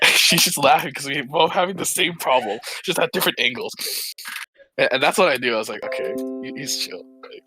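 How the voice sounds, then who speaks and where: A man's voice: medium pitch, brisk, over music, low-quality recording. A young man co-hosting a podcast, telling a story in a casual group chat and acting out what his friends said. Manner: animated storytelling, acts out quoted friends. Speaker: podcast co-host.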